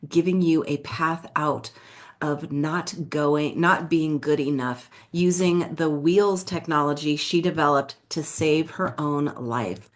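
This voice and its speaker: A woman's voice: sits low, slow pace. A woman co-hosting a podcast, at the tail end of a cold, chatting and reading out a guest's introduction. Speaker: podcast co-host. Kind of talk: casual chat and reading an introduction.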